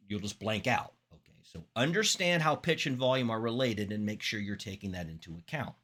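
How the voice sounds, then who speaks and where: A man teaching public speaking in an instructional talk, demonstrating vocal techniques with expressive examples. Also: fairly low pitch, a little fast. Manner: demonstrates voices, animated and expressive.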